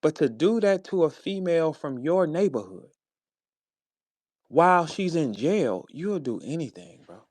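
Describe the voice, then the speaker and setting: A man with a St. Louis accent calling out a rival in a heated, profane monologue, tossing in "bro" and "man" and swinging from low muttering to loud high outbursts. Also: expressive, measured pace, pauses often, no echo. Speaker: battle rapper addressing a rival. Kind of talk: heated monologue on a live audio space.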